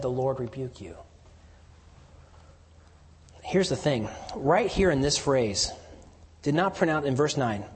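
A man preaching a sermon, moving from emphatic lines to hushed, near-whispered stresses. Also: on the high side. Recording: long hall reverb.

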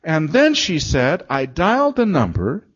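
A man preaching, telling a long personal story with lively, acted-out quotes and frequent laughs. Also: a little high, measured pace, breathy edge, muffled recording. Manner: animated storytelling, acting out quoted voices. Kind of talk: storytelling sermon.

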